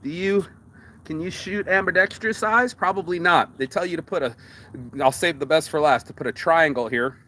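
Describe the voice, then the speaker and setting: A man hosting a casual motivational monologue, rambling and profane, with wide swings in pitch for emphasis. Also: sharp tone. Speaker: host.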